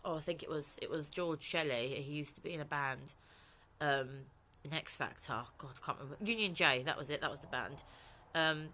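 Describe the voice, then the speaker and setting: Near tears and emotional, this young woman from England rambles through a candid personal vlog, cursing freely. She speaks in a low-pitched voice with a sharp edge.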